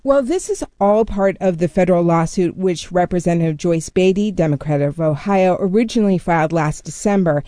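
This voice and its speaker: A woman culture correspondent explaining a story in a measured, steady way during a radio news interview. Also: fairly low pitch, no room sound.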